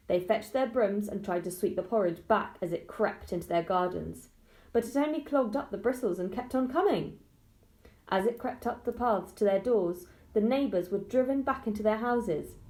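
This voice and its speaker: A woman, an early-years teacher, reading a storybook aloud to young children slowly and expressively. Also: medium pitch. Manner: slow, expressive and clear.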